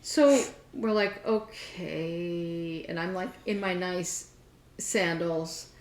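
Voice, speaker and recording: A woman co-hosting a craft podcast, telling a story in a chatty, animated way with lots of fillers. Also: on the low side, takes it slowly, roomy sound. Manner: chatty, animated retelling with many fillers and laughs. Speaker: podcast co-host. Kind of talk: casual storytelling chat.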